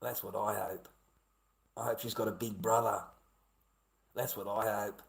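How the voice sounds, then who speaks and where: A man's voice: lowish voice, flat delivery, unhurried, creaky. A middle-aged man with an Australian accent ranting bluntly at his live chat, swearing heavily and repeating himself. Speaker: livestreamer.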